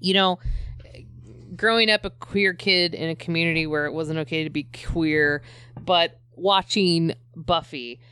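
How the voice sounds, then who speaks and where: A woman's voice: sits low, measured pace, bright, forceful tone, clean tone, no echo. A woman in her thirties chatting casually as a podcast co-host, rambling with many fillers and restarts. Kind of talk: casual chat.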